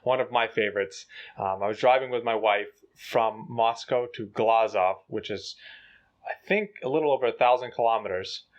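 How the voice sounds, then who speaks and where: A young man telling a funny story in casual chat, acting out the quoted lines with animation. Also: medium pitch. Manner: animated, acts out rapid panicked quotes.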